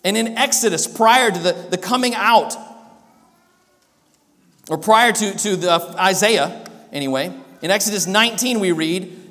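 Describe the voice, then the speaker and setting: A man's voice: sits high, a little slow, long pauses, a bit bright, in a large hall. A man preaching a sermon as pastor, emphatic, often restarting his sentences.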